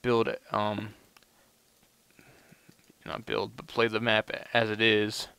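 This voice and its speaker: A man's voice: lowish voice, completely flat delivery, takes it slowly, vocal fry, pushed and bright, clean tone. A young man giving casual let's play commentary, rambling and full of "you know" fillers. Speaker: gameplay commentator.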